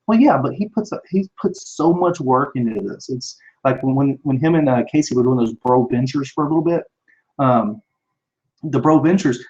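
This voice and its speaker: A man's voice: mid-range voice, animated, moderate pace, darkish tone, highs cut off. A man, probably in his thirties, hosting a live show and answering viewer questions in a casual, rambling way with many restarts. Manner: rambling, with frequent restarts and fillers. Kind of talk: casual live-stream chat. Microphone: computer microphone.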